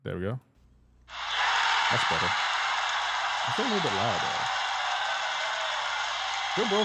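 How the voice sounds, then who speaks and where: A man's voice: high voice, huge pitch swings, normal speed, pauses often, a bit bright, a little hiss or hum. A man live streaming a game, talking loosely with his chat and greeting viewers by name. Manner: talks to chat viewers while playing, loose and chatty. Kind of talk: casual live-stream chat reading comments.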